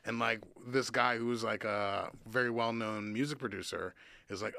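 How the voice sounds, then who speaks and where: A man from Cincinnati talks as a guest on an interview show, with a bright, crisp voice. He tells stories in an animated way, his sentences running on with "like" and the odd swear word. The sound is dry and close. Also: on the low side, moderate pace, dry recording. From Cincinnati, USA. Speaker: guest, drummer and producer. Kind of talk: casual interview storytelling.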